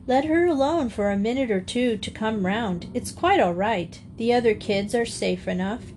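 Woman reading as a brisk, kindly rescuer man. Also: on the high side, a little mellow, slight background noise, close to an everyday voice. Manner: blunt, practical, reassuring.

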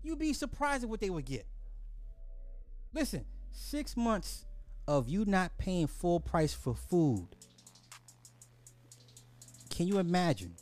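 A man's voice: high voice, sing-song, slow, pauses often, darkish tone, soft background music. A man hosting a podcast, ranting bluntly in casual social commentary, full of profanity and sarcastic apologies. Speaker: podcast host.

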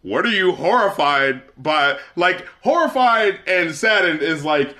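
A man's voice: a little high, animated, unhurried, sharp tone. A man co-hosting a podcast in casual chat, swearing and laughing often. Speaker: podcast co-host.

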